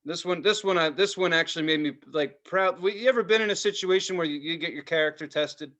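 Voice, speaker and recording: High-voiced man telling a heated, profane story. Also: fast, a bit bright. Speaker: podcast co-host. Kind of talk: casual storytelling chat.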